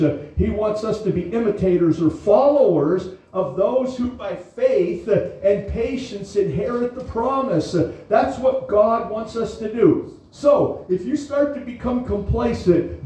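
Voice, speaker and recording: A man's voice: sits high, dark tone. A man preaching a sermon as pastor, often stopping to say "uh, amen" between his points. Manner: preachy, drawn-out phrasing with frequent "uh, amen". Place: church sanctuary. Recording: echoey church room from far off.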